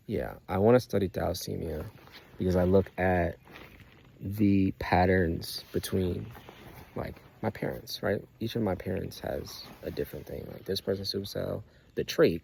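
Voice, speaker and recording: A man's voice: low-pitched, creaky, a little mellow, breathy edge. A young man rambling outdoors in a loose, profane, emphatic personal monologue full of restarts. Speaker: vlogger.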